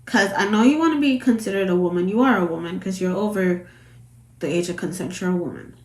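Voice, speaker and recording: A Jamaican woman chatting to camera in a casual commentary vlog. She rambles and circles back over her points at a middle pitch. Her voice bounces around a roomy space. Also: quick pace. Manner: chatty, rambling, repeats herself. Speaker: vlogger. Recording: roomy echo.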